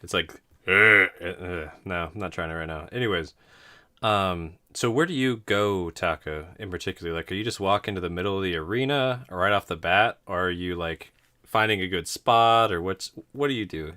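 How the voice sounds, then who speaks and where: A man's voice: sits low, a little fast, pushed and bright. A man narrating a tabletop game as game master, rambling with frequent laughs and stumbles over words.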